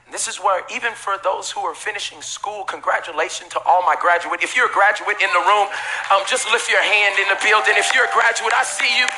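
A man preaching a sermon as pastor to a live church congregation, emphatic and repetitive with bursts of shouting and casual joking asides. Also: high-pitched, a little fast.

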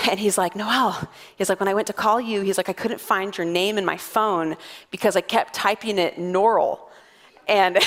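A woman's voice: medium pitch, a bit bright, in a large hall. A woman pastor in her thirties preaching a sermon to her church, telling stories in a playful way with frequent laughter.

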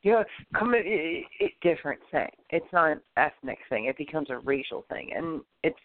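A man hosting a podcast in casual chat, animated and opinionated, rambling with many restarts. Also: on the high side, normal speed, no echo. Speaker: podcast host. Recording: tinny phone-like lo-fi audio, dry.

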